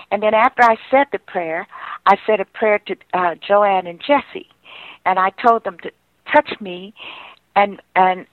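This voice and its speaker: A woman's voice: mid-range voice, no room sound. An older woman, a singer and pianist, telling heartfelt, rambling stories from her past in a radio interview. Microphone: phone line. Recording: tinny dry phone line.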